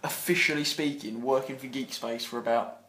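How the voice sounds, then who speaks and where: A man's voice: medium pitch, steady tone, brisk, pushed and bright. A young man co-hosting a casual podcast, rambling with lots of "like" and frequent laughter. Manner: rambling, filler-heavy, laughs often. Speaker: podcast co-host. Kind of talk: casual chat. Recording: roomy echo.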